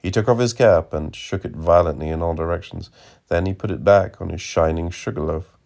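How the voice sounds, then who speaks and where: A man narrating a literary audiobook in a measured, deadpan way. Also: low-pitched, gravelly. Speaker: audiobook reader.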